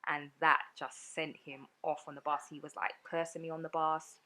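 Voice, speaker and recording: A woman, a podcast guest telling her own story in an earnest, rapid way with many fillers. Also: low voice, little pitch movement, pushed and bright. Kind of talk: personal storytelling in a podcast interview.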